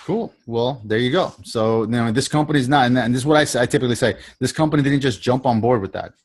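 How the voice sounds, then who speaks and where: A man at a middle pitch runs a sales coaching session over a video call. He talks casually, repeats himself and slips into the lines he wants his trainee to say. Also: fast talker, breathy edge. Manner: repetitive, conversational, acts out quoted lines.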